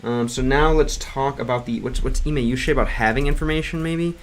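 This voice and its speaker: A man talks to his chat at a middling pitch in a loose, rambling stream-of-thought way. He restarts sentences often and leans on fillers. Every so often he sounds out words in slow, halting learner's Russian before going back to casual chat. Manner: clumsy Russian read aloud in a learner's voice. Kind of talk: casual livestream chat reading comments.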